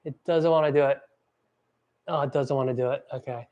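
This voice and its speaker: A man's voice: medium pitch, steady tone, brisk, mellow, dull audio. A young man hosting a casual product review vlog, talking with rambling enthusiasm and correcting himself as he goes. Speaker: host.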